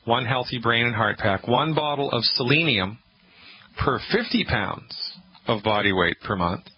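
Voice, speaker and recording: A man hosting a call-in health radio show, talking in an animated, sarcastic and emphatic way. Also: mid-range voice, measured pace, husky. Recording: muffled radio broadcast with faint hiss.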